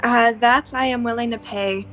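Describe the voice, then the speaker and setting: A woman with a bright, crisp voice, playing a tabletop role-playing game. She talks with hesitant fillers over faint music. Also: on the high side, steady tone, moderate pace, low-quality recording. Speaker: player. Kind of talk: tabletop role-play chat.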